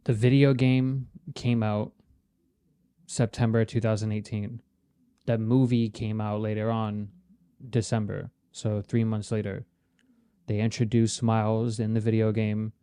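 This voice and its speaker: A man co-hosting a podcast, talking in a relaxed, matter-of-fact way and swearing casually. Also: fairly low pitch, unhurried, clean tone, no echo. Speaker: podcast co-host. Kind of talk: casual chat.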